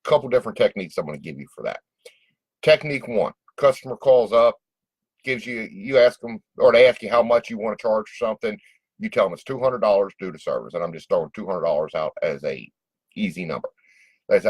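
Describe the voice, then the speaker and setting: A man talks straight to small business owners in a folksy, direct way, often acting out both sides of a customer call. His voice sits fairly low, and the recording is dry and close. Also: animated, brisk, darkish tone, slightly rough, dry recording, rough recording. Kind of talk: casual advice monologue.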